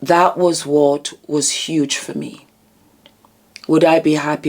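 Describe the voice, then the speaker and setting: A woman hosting her own channel, talking earnestly and emotionally about vulnerability and healing, with deliberate repetitions. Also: low-pitched, flat delivery. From United Kingdom. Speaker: channel host. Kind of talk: reflective commentary vlog.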